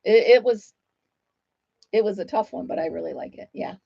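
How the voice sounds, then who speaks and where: A woman's voice: medium pitch, normal speed, creaky, husky, dry recording, dull audio. A woman hosting a casual livestream from home, chatting with viewers while she crochets and laughing often. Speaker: livestream host.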